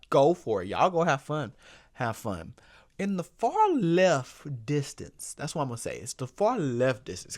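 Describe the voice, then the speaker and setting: In studio-quality audio with no echo, a young man with a mid-range voice hosts his own show, casually recounting a personal story and repeating phrases to get laughs.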